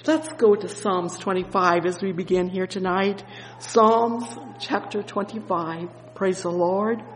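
Slow high-voiced fervent male preacher. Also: steady tone, reverberant, in a large hall, a little hiss or hum, low-quality recording. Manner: fervent, repeats "oh yes" and "praise the Lord". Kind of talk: sermon.

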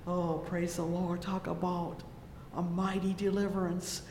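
Slow fervent preacher in an echoey hall. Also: level tone. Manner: fervent, peppered with "oh, yes" and "praise the Lord"; swells loudly on exclamations. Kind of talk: sermon. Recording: echoey hall with faint rumble.

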